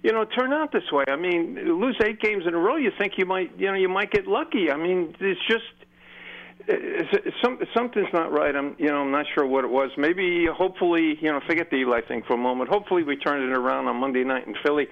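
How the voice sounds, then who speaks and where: A man's voice: on the high side, fast talker. An older man, a longtime fan, calling a radio show and rambling on in frustration. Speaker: caller. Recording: muffled phone line.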